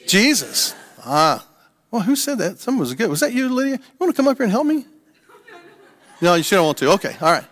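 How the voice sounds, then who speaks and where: A man's voice: sits high, big pitch swings, a little fast, a bit bright, big-room sound. An older man preaching a casual, playful sermon as pastor, leading call-and-response with his congregation. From USA. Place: church sanctuary.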